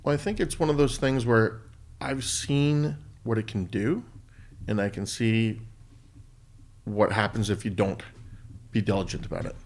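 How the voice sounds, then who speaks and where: A middle-aged man co-hosting a podcast, talking in a thoughtful, halting way with restarts. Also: on the low side, steady tone. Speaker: podcast co-host. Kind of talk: casual conversation.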